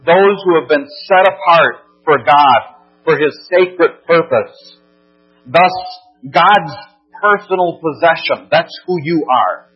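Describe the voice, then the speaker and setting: A man's voice: medium pitch, husky. A man preaching a sermon as pastor, earnest and emphatic, repeating phrases and restarting as he builds his points. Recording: dull lo-fi recording with mains hum.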